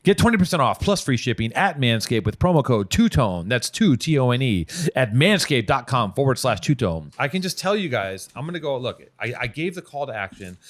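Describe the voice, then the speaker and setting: A man with a mid-range voice hosts a podcast and reads ads as a brash, joking, profane riff. There is no room sound.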